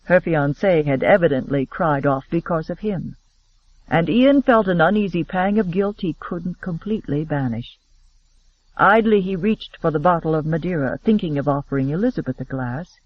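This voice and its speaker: A male narrator with a notably high-pitched voice reads a romance audiobook with steady, expressive pacing. The sound is very dry and close. The audio is slightly muffled, lacking top-end sparkle. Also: moderate pace, no room sound.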